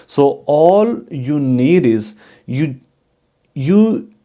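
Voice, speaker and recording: A man hosting his own channel, giving a casual, unhurried tutorial on coding for network engineers, with frequent fillers and restarts. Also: mid-range voice, mellow. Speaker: channel host teaching network automation.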